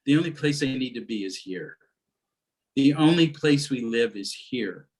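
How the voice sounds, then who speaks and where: A soft-spoken man guiding a reflective talk on grief and mindfulness. His pace is measured and he often stops to search for the right words. The sound is that of a video call conversation. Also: mid-range voice, animated, low-quality recording. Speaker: mindfulness teacher.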